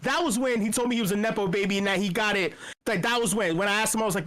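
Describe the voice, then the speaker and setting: A meetup regular tells a rambling bar story in a casual chat, talking fast with few pauses. He's animated and profane, full of restarts and fillers, and acts out quoted speech with big jumps in pitch.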